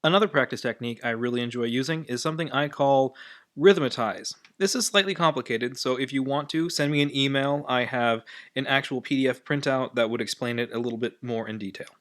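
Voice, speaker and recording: A man gives a brief voice-over introducing the next technique. His pitch sits at an ordinary middle level for a man. He speaks in a friendly, matter-of-fact way. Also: fairly quick, fairly bright tone. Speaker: trombone teacher.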